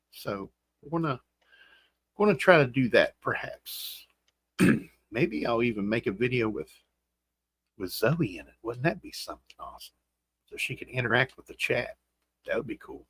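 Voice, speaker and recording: A man's voice: medium pitch, a bit bright, husky, no room sound. A man with a West Virginian accent hosting a casual livestream, greeting viewers by name with a groggy morning voice. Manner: folksy, reads out and greets chat names. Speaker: livestream host. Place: home room.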